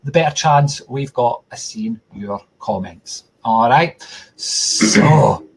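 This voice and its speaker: A man's voice: mid-range voice, lively intonation, takes it slowly, husky. A man hosting a casual live stream as a psychic medium, chatty and joking, addressing viewers as folks from a tablet at home. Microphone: tablet device.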